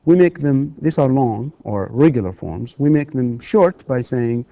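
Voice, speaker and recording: A man whose first language is Arabic teaches a recorded university English lesson, pausing often with filler sounds and modeling questions with exaggerated rising intonation. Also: mid-range voice, lively intonation, creaky, dark tone, no room sound. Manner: hesitant, many filler sounds and restarts. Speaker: university lecturer.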